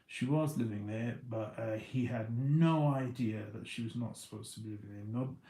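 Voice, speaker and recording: A man's voice: lowish voice, normal speed, vocal fry, a little mellow, roomy sound, rough recording. A man telling a long story on a casual livestream, stumbling over restarts and repeating words as he goes.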